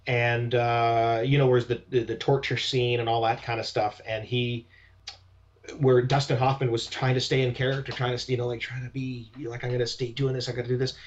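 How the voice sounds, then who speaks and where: A man's voice: medium pitch, level tone, moderate pace. A man, an actor appearing as a guest, chatting casually in an interview, rambling and restarting his thoughts as he goes. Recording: dull lo-fi sound.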